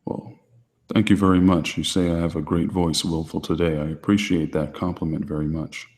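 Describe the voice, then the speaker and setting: Very deep-voiced man, flat delivery, quiet and restrained, livestream Q&A chat. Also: in a large hall. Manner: calm, deliberately quiet and restrained. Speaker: channel host answering viewer questions. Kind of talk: low-key livestream chat.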